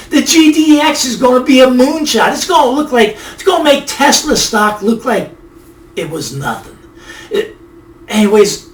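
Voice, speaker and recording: A man's voice: sits high, reverberant, recorded from a distance. A man hosting a finance video, giving casual, emphatic market commentary that rambles and repeats itself.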